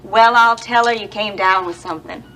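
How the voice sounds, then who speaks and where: A woman's voice: medium pitch, moderate pace, slight background noise, lightly acted, rough recording. Actress playing a teasing motherly coworker. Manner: warm, teasing, encouraging. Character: kindly motherly coworker, Nita. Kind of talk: 1980s TV soap opera acting.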